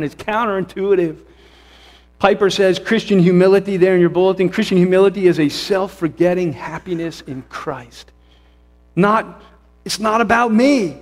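Fervent man preaching in a reverberant hall. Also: high-pitched. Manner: conversational, self-correcting, builds to fervent emphasis. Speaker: pastor. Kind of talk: sermon. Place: church sanctuary.

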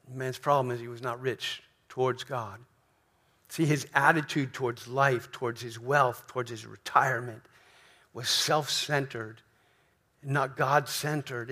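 A man's voice: medium pitch, bright, forceful tone. A man preaching a sermon in a church, emphatic, often repeating questions and asking "right?". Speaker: pastor.

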